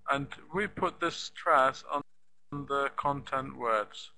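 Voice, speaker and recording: Slow, bright-voiced male English teacher. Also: mid-range voice, creaky, rough recording. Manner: slow, deliberate, repeats sentences for learners; claps out rhythm with "da da da". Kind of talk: live online language lesson.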